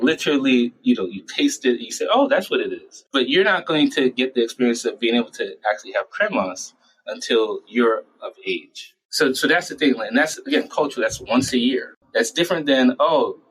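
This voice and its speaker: A man speaking as a child psychiatrist in an interview, explaining his work in a lively way and acting out parents and teens in short quoted asides. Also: medium pitch, poor audio. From United States. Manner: animated, acts out parents and patients in quick quoted asides. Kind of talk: conversational interview answers.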